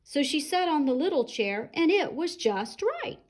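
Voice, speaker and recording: Sing-song children's librarian. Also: female voice, high-pitched, normal speed. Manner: sing-song, expressive storyteller. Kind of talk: storytime read-aloud and craft demo.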